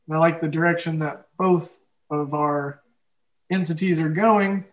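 Young man, Oklahoma drawl, slightly higher voice, loose rambling podcast talk, laughs a lot. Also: steady tone, unhurried, rough recording. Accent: Midwestern, Oklahoma. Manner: rambling, filler-heavy, laughs often. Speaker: podcast host. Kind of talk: casual chat.

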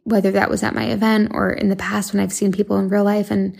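A woman's voice: medium pitch, little pitch movement, fast, vocal fry, darkish tone, slightly rough. A young woman hosting her own show, talking casually and earnestly with lots of fillers and restarts. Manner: chatty, earnest, filler-heavy with frequent likes and restarts. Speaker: podcast host and meditation app founder. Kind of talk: casual monologue.

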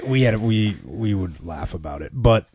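A man's voice: lowish voice, lively intonation, moderate pace, highs cut off, a little hiss or hum. A man hosting a podcast in casual chat, talking earnestly and laughing between thoughts.

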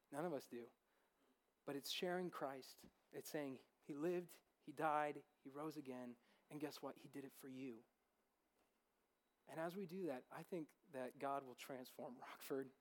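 A young man preaching a sermon as pastor, earnest and growing fervent. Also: fairly high pitch. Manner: earnest, building to fervent enthusiasm.

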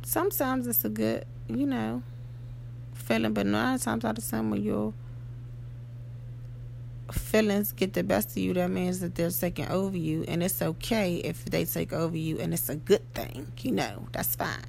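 Woman w/ a really gravelly voice, slow deliberate talk, faint hum behind, keeps saying "okay?". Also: medium pitch, darkish tone. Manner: emphatic, keeps asking "okay?" and "you know?". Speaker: podcast host. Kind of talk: motivational monologue.

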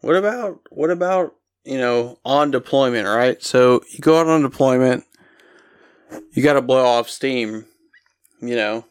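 Male co-host, unhurried delivery, smooth resonant tone, dry humor. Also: mid-range voice. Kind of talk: casual podcast chat.

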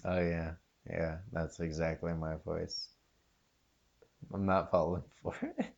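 A man co-hosting a comedy podcast in casual chat, with dry, deadpan replies. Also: deep voice, slow, gravelly, muffled recording. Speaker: podcast co-host.

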